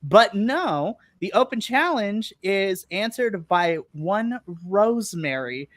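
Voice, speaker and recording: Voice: medium pitch, very animated, takes it slowly, a bit bright, no room sound. Chatty, laughing podcast co-host, dry close sound. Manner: chatty, laughs often, acts out own reactions. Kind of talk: casual wrestling recap. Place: remote live stream.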